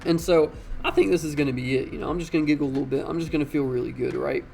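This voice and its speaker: A young man tells a story in a casual, slangy way and swears freely. His voice is gravelly and sits a little high. He is animated and talks like he is chatting with friends. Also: very fast, slight background noise.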